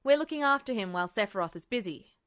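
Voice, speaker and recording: A woman's voice: medium pitch, animated, quick pace, a bit bright, natural voice. A woman voicing a cheerful young male soldier who scolds and soothes, in an audiobook. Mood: exasperated. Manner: yelping, scolding. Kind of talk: audiobook character voice.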